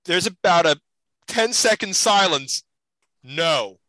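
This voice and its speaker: Bright, high-voiced animated male podcast host. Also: normal speed, dry recording, low-quality recording. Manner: animated, lively storytelling. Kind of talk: casual podcast chat.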